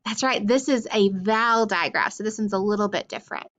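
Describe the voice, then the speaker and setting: A woman's voice: mid-range voice, a bit bright. A woman teaching a phonics lesson, carefully sounding out letters and words and praising often. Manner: slow, clearly enunciated letter sounds with frequent praise. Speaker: reading teacher.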